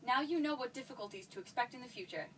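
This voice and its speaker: A woman's voice: a little high, animated, quick pace, a bit bright. An actress playing an anxious, evasive mother who keeps dodging her teenage daughter's questions, recorded from a distance. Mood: flustered. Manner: fretful, evasive, pleading. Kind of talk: stage play acting. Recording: distant mic with faint noise.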